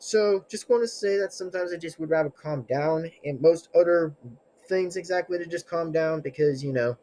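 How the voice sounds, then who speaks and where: A man with a high-pitched voice rants casually to his viewers. He sounds agitated and defensive, and his sentences ramble and loop back with fillers and restarts. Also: normal speed, mellow, poor audio. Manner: rambling, restarts, many fillers and tangled phrasing. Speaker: channel owner. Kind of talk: casual vlog rant to camera.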